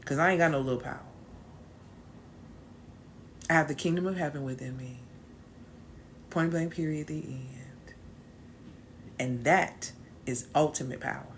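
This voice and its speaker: A woman's voice: low voice, moderate pace, long pauses, a little hiss or hum. Emphatic, preachy woman host. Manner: emphatic, preachy, repeats key phrases. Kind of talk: motivational talk.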